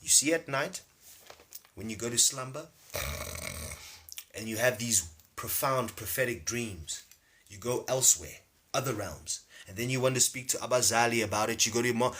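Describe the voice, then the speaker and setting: Animated man lecturing. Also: medium pitch, normal speed, pauses often. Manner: rambling, animated, playful. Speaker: spiritual teacher. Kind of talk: live-streamed spiritual lecture.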